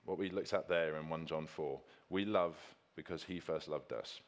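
A man's voice: rumbling low, normal speed. A man preaching a sermon with slides, earnest and emphatic, repeating key phrases for stress.

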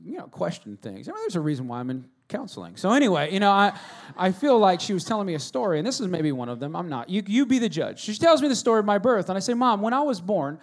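A middle-aged man preaching a sermon as a pastor, telling stories with humor and swinging between loud and hushed delivery. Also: high-pitched, very animated, fast talker, few pauses.

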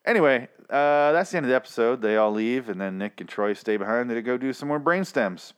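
With a clear, resonant, medium-pitched voice, this young man talks briskly and animatedly. He's hosting a loose solo podcast recap of a TV episode, full of rambling jokes and mocking put-on character voices.

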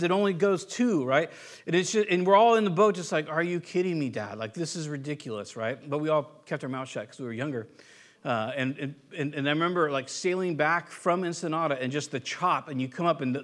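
Here a United States preacher's fairly high, slightly bright voice carries a sermon built on conversational storytelling. He frequently breaks off and begins his sentences again.

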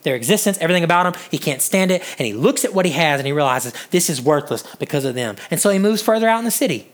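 A man preaching a sermon as pastor, animated, moving between loud high lines and hushed low ones and often repeating words as he restarts. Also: rapid-fire.

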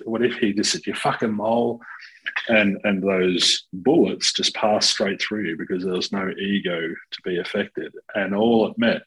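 A man in casual conversation as a podcast co-host and counsellor, playful and animated, often laughing. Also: on the low side, breathy edge, poor audio. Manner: playful, animated, bursts into silly sounds and laughter.

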